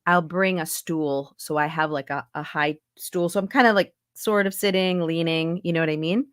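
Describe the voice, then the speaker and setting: Speaking from a home recording booth in a low voice at normal speed, this accent and dialect coach, who also does voice-over work, gives a casual interview. She explains with plenty of asides, and the sound is clean studio audio with no room sound.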